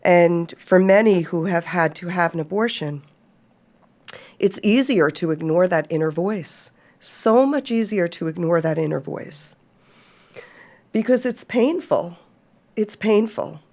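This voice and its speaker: Slow, earnest woman hosting a podcast. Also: on the low side, darkish tone. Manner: slow, earnest, addresses listeners as folks. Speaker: podcast host. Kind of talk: heartfelt podcast talk with scripture reading.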